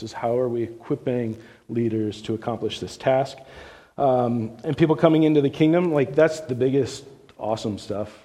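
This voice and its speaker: A man's voice: mid-range voice, warm tone. A middle-aged man giving a sermon, telling stories in a loose, chatty way with frequent restarts, his voice rising as a story builds. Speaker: visiting speaker on church missions. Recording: long reverb of a large hall.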